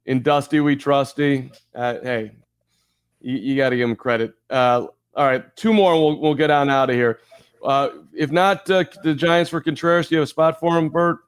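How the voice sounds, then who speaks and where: A man's voice: mid-range voice, normal speed, smooth. A man from Chicago co-hosting a podcast in casual sports chat, joking and rambling through asides. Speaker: podcast co-host.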